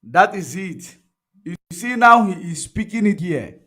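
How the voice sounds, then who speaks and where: A man's voice: high-pitched, animated, unhurried, sharp tone, breathy edge. A man with a Nigerian accent giving an emphatic political commentary monologue, repeating points for effect. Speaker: online commentator.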